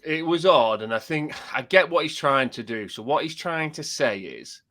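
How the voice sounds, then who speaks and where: A man on a football podcast, calm and measured, explaining a point step by step. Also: a little high. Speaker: podcast co-host. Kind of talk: casual football chat.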